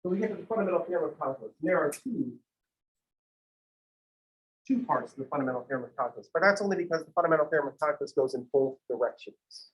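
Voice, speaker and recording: Male math lecturer, slightly higher voice, chatty and digressive, classroom delivery. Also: lively intonation, fast, rough recording. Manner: conversational, digressive, playful asides. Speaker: math teacher.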